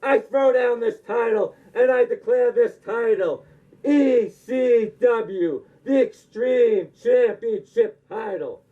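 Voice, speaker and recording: Guy voicing a cocky wrestling champ, high and defiant, muffled lo-fi audio. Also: takes it slowly, heavily acted. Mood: proclaiming. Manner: proclaiming, defiant. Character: boastful male wrestling champion cutting a promo. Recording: dull lo-fi recording.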